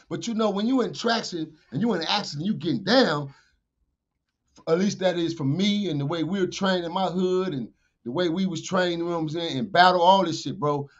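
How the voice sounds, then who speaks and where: A man, a podcast guest telling a street story with profanity, acted-out dialogue and shouted sound effects. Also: on the high side. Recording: dull lo-fi podcast audio.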